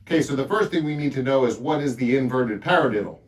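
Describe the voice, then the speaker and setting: A man giving a casual drum lesson, talking straight to viewers in a relaxed, upbeat way. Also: medium pitch, fast, background noise. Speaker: drum teacher. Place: drum studio.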